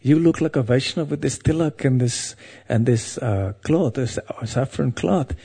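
A man voicing an eager, hospitable grown man who excitedly welcomes a wandering monk inside. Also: medium pitch, normal speed, creaky, breathy edge. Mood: delighted welcome.

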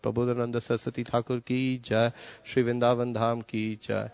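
A man giving a devotional class at a temple, talking quickly with restarts and soft asides, then taking questions. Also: mid-range voice, level tone, vocal fry, clear, resonant tone, no echo. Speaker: class speaker at a temple gathering.

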